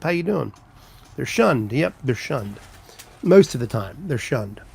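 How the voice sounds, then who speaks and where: On a casual live stream, a trucker with a medium-pitched, darkish voice tells rambling stories. He reads the chat and answers viewers' comments.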